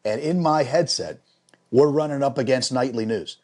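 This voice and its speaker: A middle-aged man, a sports broadcaster, telling lively anecdotes as a guest on a podcast and repeating phrases for emphasis. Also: mid-range voice, moderate pace. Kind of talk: animated storytelling in a podcast interview.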